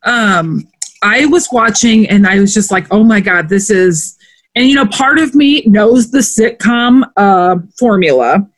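Animated woman retelling a sitcom. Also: a little high, unhurried. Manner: animated storyteller, acts out quotes. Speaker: podcast co-host. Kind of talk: casual chat.

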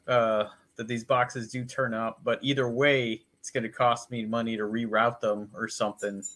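A man's voice: fairly low pitch, fairly bright tone. A man co-hosting a casual podcast, easygoing and rambling, swearing freely as he tells stories about his week. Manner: easygoing, profane, rambling storyteller. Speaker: podcast co-host.

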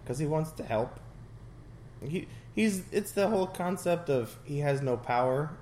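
A man co-hosting a casual movie commentary, talking in a relaxed, chatty way. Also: on the high side, unhurried, slight background noise.

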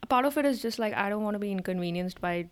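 A woman's voice: mid-range voice, expressive, rapid-fire, clean tone. A woman from India, co-hosting a casual podcast chat and laughing easily. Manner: chatty, many "like" fillers, laughs easily. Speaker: podcast co-host.

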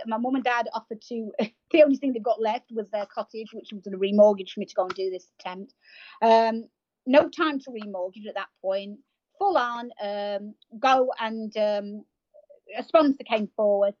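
A woman, telling stories as a podcast guest in a lively, self-mocking way, with plenty of fillers and restarts. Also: on the high side, normal speed, no room sound, muffled recording. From United Kingdom. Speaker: guest, marathon runner. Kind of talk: casual storytelling in an interview.

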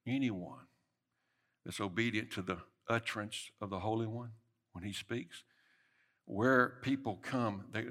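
A middle-aged man preaching a sermon, swinging between loud emphatic bursts and soft murmured lines. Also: on the low side.

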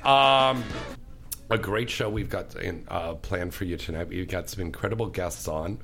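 A man's voice: sits low, moderate pace, music in the background. A man hosting a talk radio show, chatting in an effusive, enthusiastic way.

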